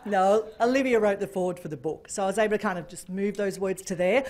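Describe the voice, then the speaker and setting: A woman giving a keynote talk, telling a story with lively, animated delivery and acting out phone calls. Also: medium pitch, fast talker, few pauses, slight background noise. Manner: animated, acts out phone calls in different voices. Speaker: keynote speaker. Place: function room.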